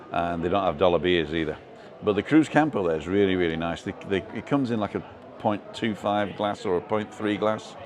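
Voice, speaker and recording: A man's voice: low-pitched, darkish tone. A man with a relaxing voice, from the UK, hosting a casual live stream and chatting his way through viewer comments.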